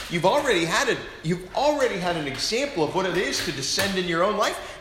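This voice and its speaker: A male pastor delivering a sermon with an animated, joking storyteller's manner. His voice is bright and rises and falls widely. The church room adds a clear echo. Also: a little high, slight background noise. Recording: echoey room.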